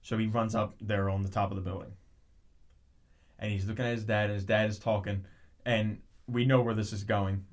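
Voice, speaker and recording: A man's voice: fairly low pitch, normal speed. A man in casual chat, animatedly retelling a show's plot with lots of restarts and tangents. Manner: rambling, animated storytelling with frequent restarts.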